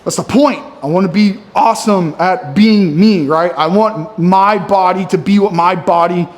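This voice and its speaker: Wired on coffee at the gym, a fitness vlogger in his thirties delivers a ranting, self-critical monologue. His voice sits high and his speed is normal.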